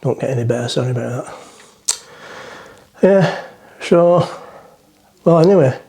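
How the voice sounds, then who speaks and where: A man's voice: medium pitch, lively intonation, measured pace, gravelly, mellow. Rambling middle-aged man, chatty and self-mocking. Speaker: vlogger. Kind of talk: casual chat to camera, joke-telling. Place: on the front of a boat, outdoors.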